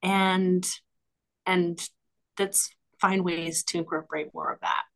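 A woman's voice: fairly low pitch, flat delivery, slow pace. A woman speaking as a guest on a podcast, in a reflective, enthusiastic way, with frequent fillers and small laughs. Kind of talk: casual conversational interview.

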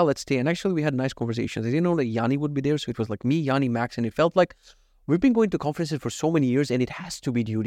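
A man's voice: mid-range voice, a little mellow, dry recording, studio quality. A man in his thirties telling stories in a casual chat, laughing and swearing, going off on tangents. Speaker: vlogger.

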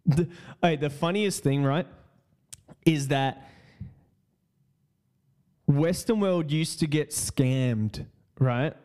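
A man's voice: fairly high pitch, drawn-out words, long pauses, a little mellow. A man hosting a casual solo podcast, rambling, swearing and repeating his words. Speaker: podcast host.

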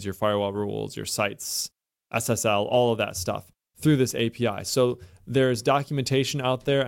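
A man's voice: mid-range voice, vocal fry, smooth, no room sound, studio quality. An American man co-hosting a casual tech podcast, chatty and enthusiastic as he walks through the news. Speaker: podcast co-host.

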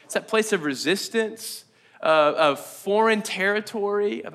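A man's voice: sits high, expressive, a little fast, bright, forceful tone. A man giving a casual, conversational sermon as a pastor, joking and acting out imagined inner voices in a church meeting room.

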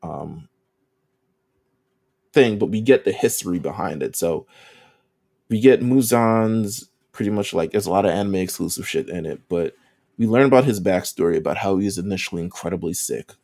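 Deep, gravelly-voiced man recapping anime. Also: normal speed, a little mellow, dry recording, studio quality. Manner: rambling with many ums, swears freely. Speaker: podcast co-host. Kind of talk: casual anime recap chat.

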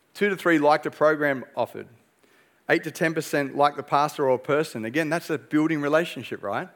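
A young man preaching a sermon as pastor, earnest and emphatic, pressing his points with rhetorical questions. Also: medium pitch.

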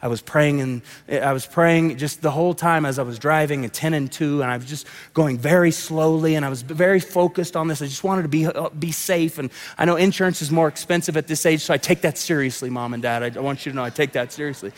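A man's voice: a little high, brisk, hardly any pauses, natural voice. A man playing a teenage son who sounds falsely earnest and overly reassuring to his parents, heard with a long hall reverb. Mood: feigned innocence. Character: teenage boy feigning innocence to his parents.

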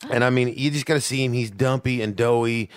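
A man's voice: medium pitch, fairly even intonation, fast talker, clean tone. A man hosting a podcast, telling rambling, profane stories with many restarts in casual chat. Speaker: podcast host.

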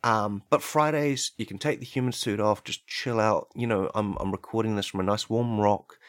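A man hosting a comedy podcast, rambling through an absurd deadpan monologue full of fillers and tag questions. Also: lowish voice, normal speed, no room sound, studio quality. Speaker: podcast host.

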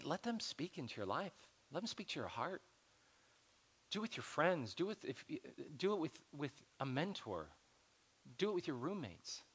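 Young male pastor, sermon, bright slightly high voice, conversational and earnest. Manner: conversational, earnest, acts out quoted dialogue.

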